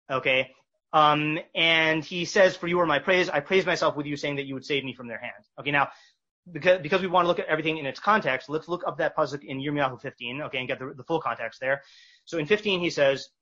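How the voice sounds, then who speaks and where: A man teaches a casual text study class, his voice husky yet bright and a little high. He reads Hebrew verses slowly, then translates them with restarts and fillers. The recording is dull and lo-fi. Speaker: Torah teacher.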